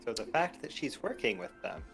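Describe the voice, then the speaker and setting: Wry, lively-voiced game player. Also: mid-range voice, brisk, vocal fry, soft background music. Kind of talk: casual chat.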